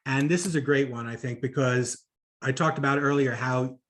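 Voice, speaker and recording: A man giving a conversational conference talk on public speaking, animated, with frequent fillers and asides. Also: mid-range voice, moderate pace.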